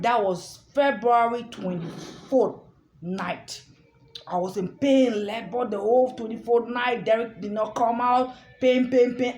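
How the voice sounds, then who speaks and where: Her voice sits a little high with a darkish tone as she recounts her own experience casually, repeating herself for emphasis and frequently checking with the listener, "understand?" Faint music plays in an echoey room.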